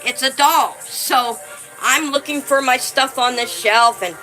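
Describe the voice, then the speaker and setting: Over faint background music and poor audio, a high-pitched woman speaks at a measured pace while hosting a relaxed live stream. She chats with viewers, thanking them one by one by name, restarts often, and talks with real affection about her dolls.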